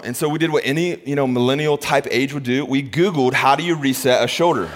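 A man's voice: medium pitch, quick pace, hardly any pauses, a little hiss or hum. A man in his thirties, a pastor, telling a funny personal story in a sermon and acting out the people in it. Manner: animated, self-mocking storyteller who acts out quotes. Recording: long hall reverb.

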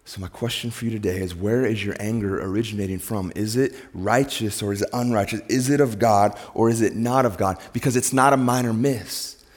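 A middle-aged male pastor preaching a sermon, telling a story in an animated way and building to loud, emphatic peaks. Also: fairly low pitch, fairly quick. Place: church sanctuary. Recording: long hall reverb.

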